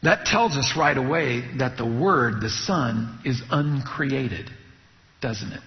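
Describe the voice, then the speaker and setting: A man preaching an expository sermon, teaching in a measured way and asking his listeners rhetorical questions. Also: medium pitch. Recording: muffled recording with long hall reverb.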